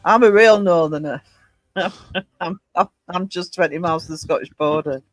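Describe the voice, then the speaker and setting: A woman's voice: fairly low pitch, moderate pace, no room sound, faint music behind, rough recording. Chatty Northumbrian woman hosting a livestream. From Northumberland, England. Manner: chatty, reads chat comments aloud. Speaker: livestream host. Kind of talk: casual chat with live viewers.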